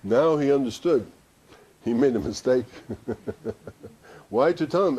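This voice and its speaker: A man's voice: medium pitch, lively intonation, normal speed, warm tone. A man teaching and telling a story in a conversational way, with asides and restarts. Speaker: Sufi teacher. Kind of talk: storytelling discourse. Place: study center.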